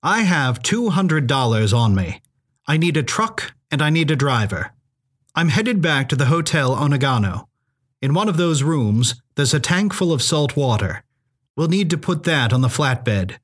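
A man doing a brisk businesslike young woman. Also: on the high side, very animated.

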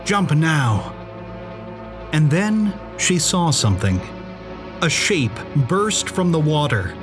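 A man reading a suspenseful story aloud as narrator, in a measured audiobook style. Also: fairly high pitch, very animated. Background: music.

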